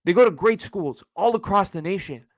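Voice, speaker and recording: Young male podcast host, casual ranter, higher voice, swears a lot, dry close mic. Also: a little fast, dry recording. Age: young adult. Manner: animated, swearing, slangy, jumps into mocking high-pitched voices. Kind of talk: casual solo rant.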